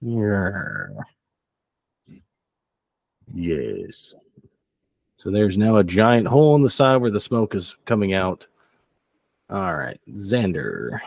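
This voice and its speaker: Deep-voiced man running a tabletop game. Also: big pitch swings, a little slow, gravelly, a little mellow, no room sound. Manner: loose, descriptive, laughing often. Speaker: game master.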